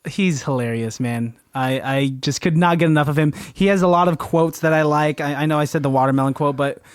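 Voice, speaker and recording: Young male co-host, light raised voice, dry booth sound, easygoing and quick to laugh. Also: on the high side, clear, resonant tone, no echo. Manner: laughs often, quotes movie lines in voices. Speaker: podcast co-host. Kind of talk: casual chat.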